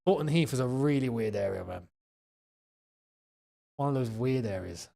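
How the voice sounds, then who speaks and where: A young man with a London accent hosting a live football watchalong, chatting in slang and breaking into excited shouts at big chances. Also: mid-range voice, normal speed, creaky. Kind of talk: live match watchalong commentary.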